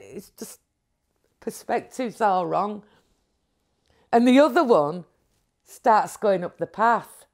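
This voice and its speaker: A woman telling a candid personal story in an interview, animated and acting out movements as she talks. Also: medium pitch. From England.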